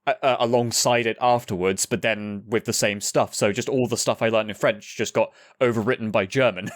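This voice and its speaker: A man's voice: fairly low pitch, fairly even intonation, brisk, no room sound, clean studio sound. A man co-hosting a podcast, rambling and laughing between phrases. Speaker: podcast co-host. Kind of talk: casual chat.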